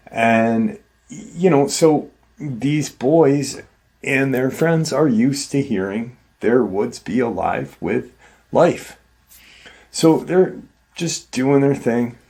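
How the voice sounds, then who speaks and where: Slow, low-voiced male storyteller. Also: darkish tone. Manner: loose and conversational, many fillers. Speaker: host and storyteller. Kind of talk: casual storytelling of a retold encounter.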